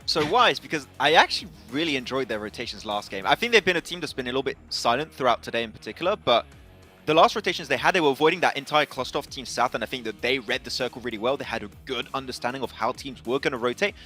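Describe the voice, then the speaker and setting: Fast, bright-voiced esports analyst man. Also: medium pitch, lively intonation, soft background music. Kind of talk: analyst desk commentary.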